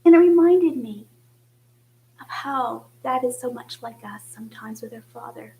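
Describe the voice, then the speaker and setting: A woman, a mother, preaching a reflective sermon in church, often dropping to a soft, hushed voice. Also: fairly high pitch, lively intonation, normal speed, low-quality recording. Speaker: church speaker.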